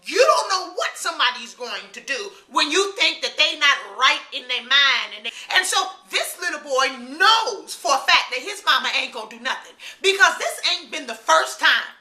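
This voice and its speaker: A woman vlogging her opinion in a fiery, preachy way, sometimes bursting into loud mocking voices. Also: sits high, sing-song, normal speed, hardly any pauses. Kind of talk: animated opinion monologue. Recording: echoey room.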